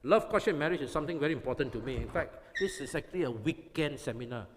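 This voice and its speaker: Emphatic pastor preaching in a hall. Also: male voice, on the high side, animated, fast talker, background noise. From Malaysia. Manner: emphatic, repetitive, checks with "you understand?". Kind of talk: sermon to youth. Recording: long reverb of a hall.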